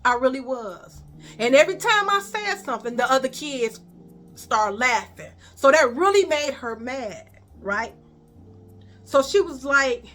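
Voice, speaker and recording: High bright Chicago woman telling a story. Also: moderate pace. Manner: animated, profane, addresses viewers as y'all. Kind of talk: storytime vlog.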